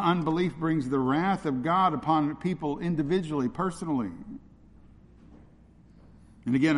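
A man preaching an expository sermon, earnest and repeating his points for emphasis. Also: fairly high pitch. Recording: long reverb of a large hall.

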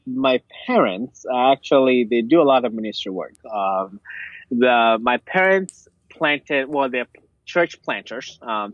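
A man's voice: mid-range voice, no echo. A young man from Ghana with a Ghanaian accent, telling his story as an interview guest with lots of fillers. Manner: animated storyteller, many fillers. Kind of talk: casual interview chat. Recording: dull lo-fi dry sound.

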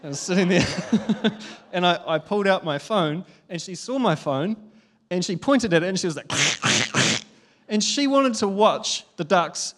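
A young New man preaching a sermon, telling a family story in a lively, chatty way with frequent laughs. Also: high-pitched, measured pace. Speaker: pastor.

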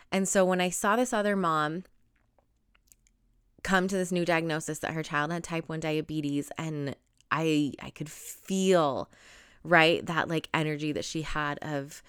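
Earnest woman podcaster, smooth and close. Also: lowish voice, no echo. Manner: earnest and emotional, with frequent "like" and "right?". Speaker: podcast host. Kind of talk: casual solo podcast talk.

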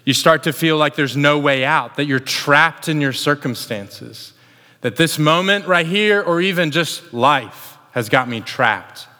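Bright-voiced man preaching in a reverberant hall. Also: on the high side, a little slow. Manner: conversational storyteller, animated retelling. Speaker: pastor. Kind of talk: sermon with a personal story.

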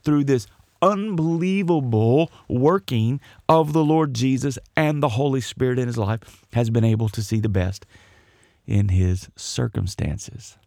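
A man's voice: medium pitch, measured pace, dark tone, no echo, studio quality. A male pastor preaching a sermon, building rhythmic lists of repeated phrases and chuckling now and then.

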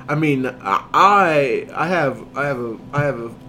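Young guy, mid-pitched, rambling storyteller, laughs a lot; noisy recording. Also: animated, a little slow, pushed and bright. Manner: rambling, stumbling over words, laughing. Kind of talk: casual chat. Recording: noisy room.

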